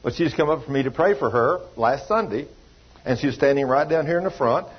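A man's voice: medium pitch, animated, brisk, slightly rough, dull audio. A man preaching a sermon, telling a story and acting out the voices of the people in it, in a folksy, down-home way. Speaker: pastor.

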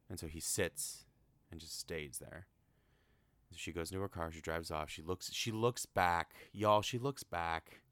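A young man tells the story casually, with plenty of fillers and swearing. His voice is very deep and smooth. It is recorded close in a dry space. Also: fairly bright tone, dry recording. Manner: chatty, swears often, many fillers. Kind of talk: casual film recap.

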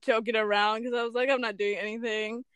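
High-voiced young woman telling a story. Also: brisk, smooth, dry recording. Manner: animated storyteller, heavy use of "like" and "bruh", acts out quotes. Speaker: podcast co-host. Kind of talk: casual storytelling chat.

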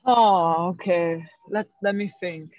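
A woman's voice: on the low side, slow pace, darkish tone, no room sound, muffled recording. A woman guest in a casual interview, rambling with lots of fillers and frequent laughter. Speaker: guest, jiu-jitsu athlete.

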